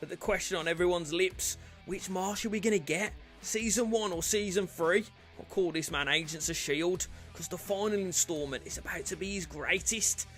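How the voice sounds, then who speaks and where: A man commentating his football video game career with loud outbursts and cheeky banter. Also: sits high, normal speed, soft background music. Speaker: gaming YouTuber.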